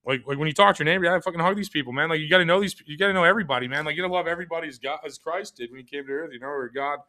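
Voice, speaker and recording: A man's voice: on the high side, rapid-fire, bright, forceful tone, no echo. A man talking as a podcast guest in a casual, rambling way, with many restarts.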